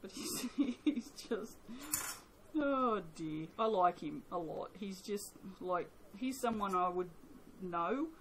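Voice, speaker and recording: Making soap at home, this Australian vlogger rambles chattily and jokes at her own expense. She sounds animated and a bit bright at a medium pitch but speaks slowly, over poor audio with slight background noise.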